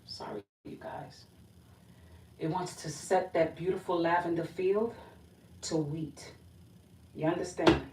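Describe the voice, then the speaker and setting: A woman's voice: on the low side, steady tone, a little slow. A woman giving a casual tarot reading, uneasy and feeling weak, often breaking off and restarting. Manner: emotional, uneasy, talks to spirit and viewers, restarts often. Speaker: tarot reader. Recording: roomy echo from a distance with background noise.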